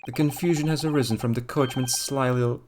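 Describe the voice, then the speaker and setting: A man voicing a haughty prosecutor in a fan dub of a game, with slow, theatrical, grandiloquent delivery. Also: mid-range voice, steady tone, a little mellow, slight background noise, lightly acted. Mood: pompous.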